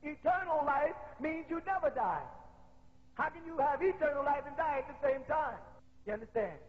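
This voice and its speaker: A man preaching a sermon, pressing his listeners with rhetorical questions and quoting scripture slowly for emphasis. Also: extremely high pitch. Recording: dull lo-fi tape in a reverberant hall.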